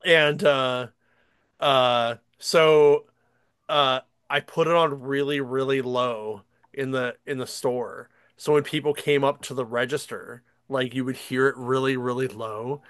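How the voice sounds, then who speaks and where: A podcast host chats casually and tells stories, rambling with plenty of fillers and frequent laughter. His medium-pitched voice is unhurried, fairly bright, clear and resonant, with fairly even intonation, in a dry, studio-quality recording.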